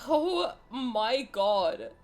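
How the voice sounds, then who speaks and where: A woman's voice: on the high side, very animated, extremely slow, soft background music. A woman streamer reacting on a livestream, laughing hard and swearing casually, crying with laughter.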